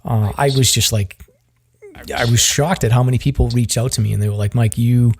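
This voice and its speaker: A man's voice: mid-range voice, steady tone, a little fast. A man with a Boston accent hosting a podcast, chatting casually and rambling with plenty of restarts. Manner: rambling, self-interrupting. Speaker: podcast host. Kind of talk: casual chat.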